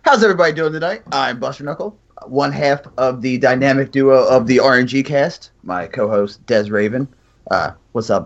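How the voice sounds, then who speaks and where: An easygoing man guesting on a podcast, cracking jokes as he introduces himself. His voice sits mid-range, and the recording sounds a little muffled. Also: mid-range voice. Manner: easygoing, jokey self-introduction. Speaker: podcast guest and co-host of another podcast. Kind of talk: casual podcast banter.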